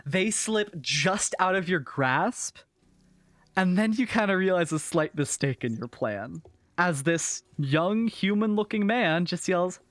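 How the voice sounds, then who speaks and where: A man narrating as game master of a tabletop game, casual and animated with frequent fillers. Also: sits high, slow, no echo.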